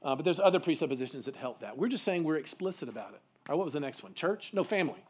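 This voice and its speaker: A man's voice: on the high side, lively intonation, racing, a little mellow, breathy edge. A man teaching a seminar to youth ministry workers, asking the room questions and adding folksy asides.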